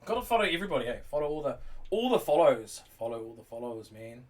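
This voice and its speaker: A man speaking quickly and very animatedly at medium pitch chats with viewers during a live stream while building, cursing freely and using bro and mate. The setting is indoors at home in the rain, and the distant mic catches faint background noise.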